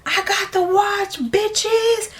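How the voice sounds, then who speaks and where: A woman's voice: high voice, animated, a little fast, fairly bright tone, voice pushed up. A woman putting on a brash, crude young street hustler. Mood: taunting. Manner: cocky, taunting, crude. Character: brash young man boasting after a theft.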